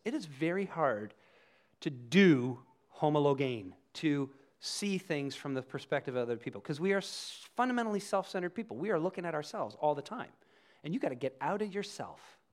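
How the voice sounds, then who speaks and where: A middle-aged man preaching a sermon as pastor, talking conversationally and sometimes dropping to a hushed, quiet voice. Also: fairly high pitch.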